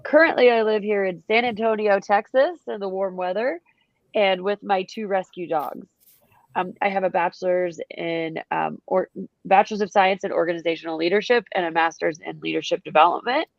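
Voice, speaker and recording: A woman's voice: medium pitch, normal speed, creaky, no echo, muffled recording. A woman in her thirties with a stuffy, congested nose, telling her personal story candidly on a panel, with many fillers and restarts. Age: 30s. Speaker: conference panelist.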